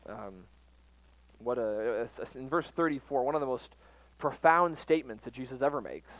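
A man preaching a casual Bible lesson in a mid-range voice, his talk halting and full of "uh"s and restarts. The sound is close and dry, with almost no room echo. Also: medium pitch, a bit bright. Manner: halting, frequent fillers and restarts. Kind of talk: informal Bible teaching.

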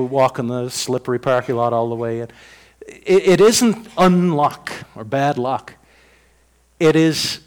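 A man delivering a sermon with a somewhat high-pitched voice. He talks in a folksy, conversational manner, voicing dialogue himself. He rises to loud bursts and then drops to quiet asides. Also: clean tone. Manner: swings between loud bursts and dropped-voice remarks. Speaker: preacher.

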